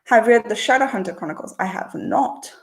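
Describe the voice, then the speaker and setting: Relaxed woman hosting a livestream. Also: a little high, brisk. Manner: relaxed, chatty, thinks aloud before answering. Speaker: channel host. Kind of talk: casual livestream Q&A reading chat questions.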